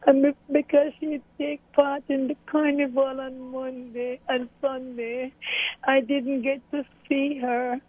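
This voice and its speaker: A woman's voice: sits high, unhurried. A middle-aged woman, a mother earnestly recounting events in an interview. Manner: earnest, storytelling, animated retelling. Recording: tinny phone-like audio.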